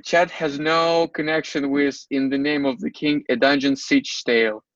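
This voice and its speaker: A woman's voice: low-pitched, steady tone, normal speed, no room sound. A woman interviewer who gives brief reactions and asks short follow-up questions in a casual interview. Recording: dull, lo-fi recording.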